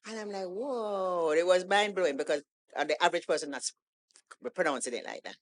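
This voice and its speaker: A woman guest on a podcast, telling a story in a casual, animated way and acting out the lines of the people in it. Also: on the low side, brisk. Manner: animated storytelling, acts out quoted dialogue. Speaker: guest poet.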